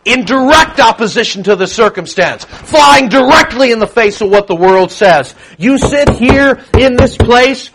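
A man preaching a sermon to a congregation, emphatic, swinging between quiet asides and loud proclamation. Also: very high voice, lively intonation, normal speed, few pauses, breathy edge. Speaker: pastor.

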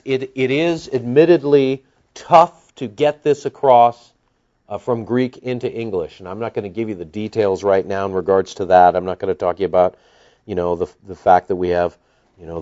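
A man preaching a verse-by-verse Bible teaching sermon, moving between emphatic bursts and low, confiding explanation. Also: warm tone. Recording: dull lo-fi recording.

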